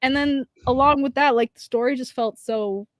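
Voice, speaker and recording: Her voice sits a little high and is recorded dry and close, with no room around it. She sounds effusive and emphatic, laughing often in a casual chat about games. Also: moderate pace, no echo. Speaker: co-host.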